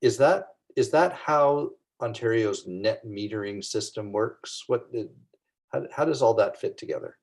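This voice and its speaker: A man with a very deep voice hosts a webinar over a video call. He asks curious questions and then sums up each answer in simple words. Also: a little slow, darkish tone. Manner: curious, recaps answers back in plain terms. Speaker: webinar host.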